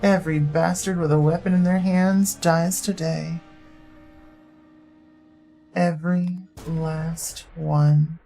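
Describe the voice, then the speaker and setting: A furious, grieving armed man spits low, bitter threats in a game scene, read by a woman in her own mellow voice. Faint game music plays behind. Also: level tone, slow, long pauses, rough recording. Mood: vengeful.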